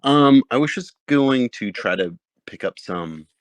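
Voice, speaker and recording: A man's voice: mid-range voice, lively intonation, measured pace, no room sound. A man playing a tabletop game, tentatively listing items he wants to buy. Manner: tentative, listing with many "maybe"s. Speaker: player.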